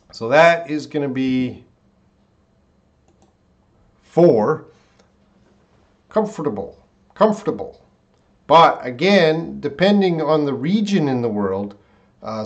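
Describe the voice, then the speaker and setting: A man teaching English pronunciation on a live stream, repeating words slowly syllable by syllable and greeting viewers by name. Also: mid-range voice. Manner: drawn-out word repetition, reading viewer names.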